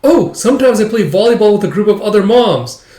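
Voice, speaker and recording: A man voicing a gentle, polite young woman who is earnest and sweet. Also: high voice, animated, fairly quick, pitched above the performer's own voice. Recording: roomy echo.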